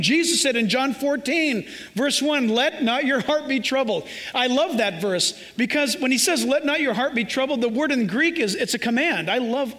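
In a hall full of echo, a Southern California man delivers a sermon in a very high, fairly bright voice. This pastor is emphatic yet conversational and acts out small scenes along the way.

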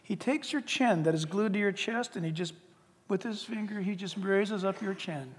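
An older man preaching a sermon, animated, dropping to hushed tones and rising to loud cries. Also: high voice, normal speed. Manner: animated, swings from hushed to shouting. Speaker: pastor. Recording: long hall reverb.

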